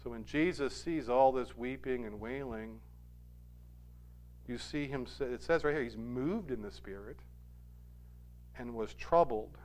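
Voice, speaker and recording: A man preaching a sermon, rising to loud emphatic peaks and dropping to quiet, soft asides, acting out quoted lines with feeling. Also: medium pitch, a little slow, pauses often.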